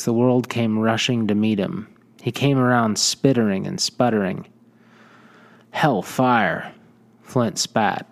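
A man reading a western short story aloud in measured audiobook narration. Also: medium pitch, darkish tone.

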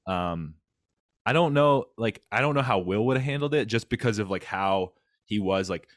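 A man hosting a casual chat, retelling a story with lively quoted voices and many fillers. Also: on the low side, moderate pace, dry recording, clean studio sound. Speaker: podcast host, fellow cyclist.

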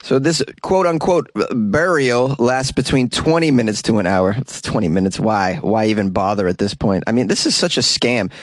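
A man's voice: medium pitch, moderate pace, few pauses, dry recording. A man hosting comedic news commentary, sarcastic and joking as he reacts to strange stories. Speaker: host. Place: Los Angeles.

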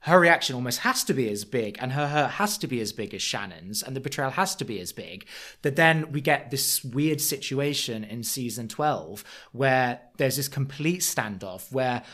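A man co-hosting a podcast in casual chat, animated, breaking into quick quoted impressions. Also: mid-range voice. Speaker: podcast co-host.

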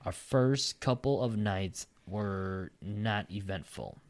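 Male podcast host, lower voice, reads listener stories aloud with crude, laughing asides. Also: takes it slowly. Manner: profane, laughing asides between read lines. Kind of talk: casual podcast chat, reading aloud.

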